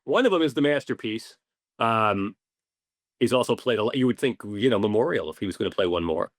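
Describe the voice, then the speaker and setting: A man, a podcast guest, telling stories in a casual, animated way, swearing now and then and acting out what people said. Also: fairly low pitch, fairly quick, dry recording, clean studio sound. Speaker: podcast guest, ball marker maker. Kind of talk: casual storytelling interview.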